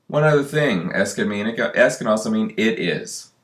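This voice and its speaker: A man teaching a Spanish lesson, slowly repeating each example word. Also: lowish voice, animated. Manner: slow, deliberate repetition of example words. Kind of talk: recorded classroom lesson.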